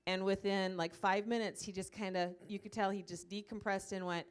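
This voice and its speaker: Her voice is medium-pitched, steady, clear and resonant, and she talks a little fast with few pauses. The woman heads a church ministry and is showing a comfort dog to a live audience in a church meeting room. She tells the story informally and chattily, with lots of fillers.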